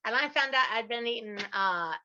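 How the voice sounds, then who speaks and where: Woman interview host, high bright voice, animated storyteller, dull lo-fi sound. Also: normal speed. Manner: animated storyteller, drawls out punchlines. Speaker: podcast host. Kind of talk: casual interview chat.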